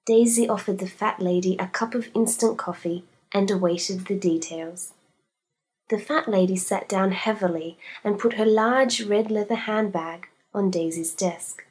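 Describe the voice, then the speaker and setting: Woman reader, husky voice, slow and deliberate scripted story narration. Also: medium pitch, darkish tone.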